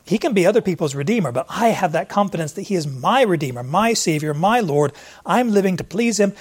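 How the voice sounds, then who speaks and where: Male preacher, higher-pitched, earnest and conversational, frequent restarts. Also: animated, brisk, slightly rough. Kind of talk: expository sermon.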